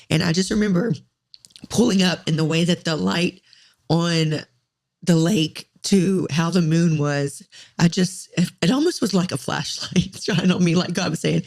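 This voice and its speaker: A woman in her thirties, a podcast co-host, telling a candid personal story with deep feeling and many "like" fillers. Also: unhurried, gravelly, a little mellow. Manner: emotional, tearful at times, many "like" fillers.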